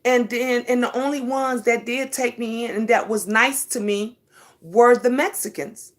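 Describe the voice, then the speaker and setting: A middle-aged woman talks straight to her viewers, calling them honey. Her voice sits a little high. She tells her story emphatically, with lots of animation. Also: fairly even intonation, unhurried. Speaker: vlogger. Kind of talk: casual storytelling monologue.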